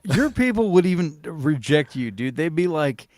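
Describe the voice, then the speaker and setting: A man co-hosting a casual chat, teasing dryly and often clearing his throat. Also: fairly high pitch, sing-song, moderate pace, a little mellow, no room sound, clean studio sound. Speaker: co-host.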